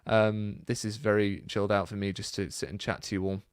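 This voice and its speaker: A man hosting a casual Q&A, reading out viewer comments and chatting about them in a relaxed, rambling way. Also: lowish voice, fairly quick, smooth, no echo, clean studio sound. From Britain. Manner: chatty and relaxed, many fillers and asides. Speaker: YouTube channel host.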